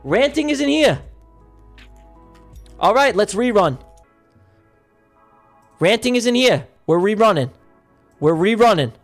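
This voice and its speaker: A man hosting a livestream giveaway, calling a mock race in a joking, excitable way that bursts into shouts. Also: high-pitched, slow pace, pauses often, soft background music. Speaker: livestream host running a giveaway. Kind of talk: mock race-caller commentary.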